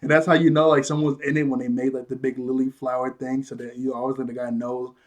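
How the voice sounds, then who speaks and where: A man giving a loose, casual recap of a cartoon episode, chatty and quick to laugh. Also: mid-range voice, flat delivery. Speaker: show reviewer.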